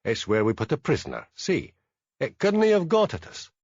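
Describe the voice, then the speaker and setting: A man playing a steady Highland police sergeant with a Scottish Highland accent in an audiobook, calm and dry. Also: normal speed, creaky, dry recording, muffled recording, exaggerated voice. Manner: calm, dry, gently commanding.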